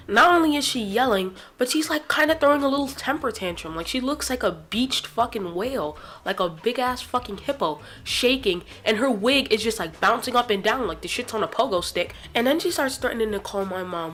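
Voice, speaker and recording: A woman's voice: medium pitch, a bit bright. A woman vlogger telling a story in a profane, sarcastic rant.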